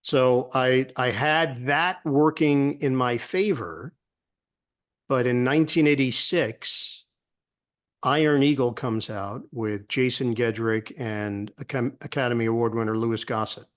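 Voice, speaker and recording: A man's voice: mid-range voice, unhurried. A middle-aged man, a sportscaster guest, telling a story in a casual interview and acting out the voices of people he quotes. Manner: animated storyteller who acts out quoted voices.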